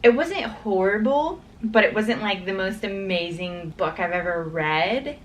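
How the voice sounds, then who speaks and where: A young woman chats to her camera about her workday with bubbly enthusiasm. She leans on filler words and sounds mid-pitched and everyday. A faint hiss sits under the recording. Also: measured pace. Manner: chatty, excitable, says "like" and "literally" often. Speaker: flight attendant vlogger. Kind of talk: casual vlog chat.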